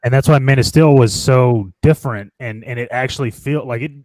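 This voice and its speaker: A man's voice: mid-range voice, fairly quick, a little mellow, dry recording, rough recording. A man chatting as a guest on a video call panel, easygoing and teasing. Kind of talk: casual panel chat.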